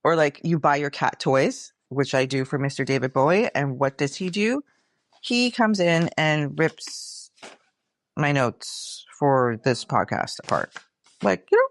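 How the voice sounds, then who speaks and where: A woman's voice: sits low, animated, unhurried, no echo. A middle-aged woman hosting her own podcast, talking candidly and casually, swearing freely and calling her listeners y'all. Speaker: podcast host. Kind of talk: casual reflective monologue.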